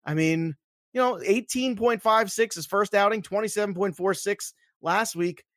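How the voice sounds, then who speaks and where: Animated man talking fantasy football. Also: high voice, normal speed, no echo, studio quality. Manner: animated, emphatic, repeats himself for emphasis. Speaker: fantasy football podcast co-host. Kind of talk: casual sports betting chat.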